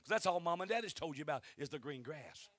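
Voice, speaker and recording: A man preaching a revival sermon in a church, who climbs to shouting and calls for responses from the congregation. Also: a little high, animated, quick pace, no room sound. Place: church sanctuary.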